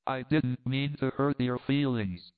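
A man's voice: mid-range voice, unhurried, close to an everyday voice. A man voicing an airy, gallant young American man. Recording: phone-like thin sound.

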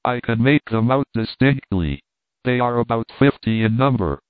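A man voicing an excitable Scottish hunter who talks in an eager, urgent way, in a storybook reading. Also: mid-range voice, moderate pace, clean tone, no room sound, natural voice. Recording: tinny phone-like dry sound.

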